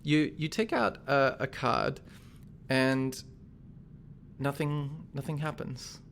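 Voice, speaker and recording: A man narrating as game master and podcast host, relaxed and chuckling as he goes. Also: mid-range voice, slow, creaky, slight background noise.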